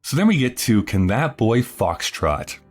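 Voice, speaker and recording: A man's voice: lowish voice, sing-song, unhurried, breathy edge, soft background music. A young man hosting a podcast, musing casually with lots of fillers. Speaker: podcast host.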